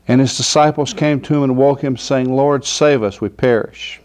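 Man, informal sermon, mid-pitched voice, chatty, checks in with listeners. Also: steady tone, normal speed, few pauses, darkish tone. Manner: conversational, asks "do you understand?" often; acts out quoted figures with laughter. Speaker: preacher. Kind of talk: informal sermon with scripture reading.

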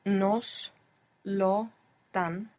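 A woman learning a language, answering slowly and working out each sentence aloud. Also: mid-range voice, fairly even intonation, darkish tone.

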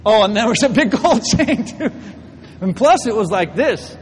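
A young man preaching to a church, telling a personal story in an animated, laughing way. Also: sits high, normal speed, big-room sound, a little hiss or hum. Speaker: pastor. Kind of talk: storytelling sermon. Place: church hall.

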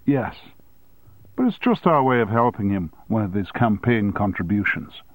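A man's voice: on the low side, very animated, measured pace, no room sound. A man reading an audiobook and voicing a smug male union boss who speaks with sly, feigned innocence.

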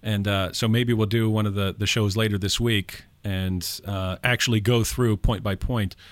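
A man's voice: on the low side, fairly even intonation, normal speed, no room sound. A man speaking on a call-in radio talk show, recites quotations in a raised tone. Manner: quotes scripture in a raised, recited tone. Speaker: guest speaker.

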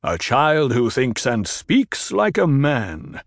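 Guy putting on a gravelly tribal chief, slow deliberate talk, dry close sound. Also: medium pitch, huge pitch swings, no room sound, full character voice. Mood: stern. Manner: measured, slow, authoritative. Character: stern commanding desert tribal leader, tall man. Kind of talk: audiobook character voice.

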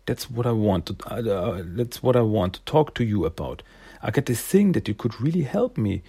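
A man's voice: lowish voice, expressive, normal speed, dark tone, breathy edge. A man voicing a slick young male mutant ferret hustler with a chummy, wheedling street manner. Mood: breezy.

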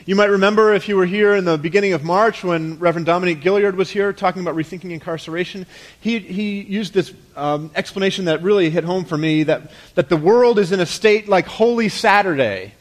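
A pastor preaching a conversational sermon, asking rhetorical questions and letting his voice drop softly at the ends of phrases. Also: high voice, a little fast.

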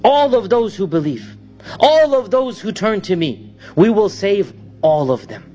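A man's voice: sits high, big pitch swings, a little slow, mellow, faint music behind. A man preaching a sermon, telling a story dramatically and reciting Arabic verses between his English lines.

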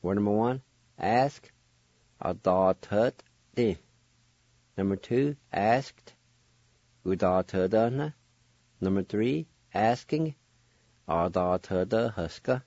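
Man, lesson host, deliberate syllable-by-syllable delivery, low-pitched, muffled radio quality. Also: expressive, mellow, no echo. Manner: deliberate, spells syllable by syllable, repeats. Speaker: radio host teaching language. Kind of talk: slow instructional spelling and pronunciation.

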